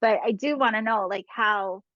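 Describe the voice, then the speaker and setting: A woman's voice: medium pitch, moderate pace, dry recording. A woman hosting a podcast, asking her guest curious, open questions. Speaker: podcast host. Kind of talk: interviewing a guest. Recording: dry, slightly dull lo-fi audio.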